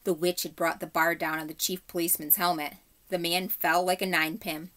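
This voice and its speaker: A woman teacher reading a storybook aloud to her class in a measured, expressive way. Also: lowish voice.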